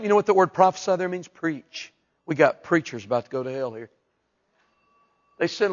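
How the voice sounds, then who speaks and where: A man preaching a fiery sermon, dropping to hushed asides and rising to loud shouted peaks. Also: on the high side, a little fast, muffled recording.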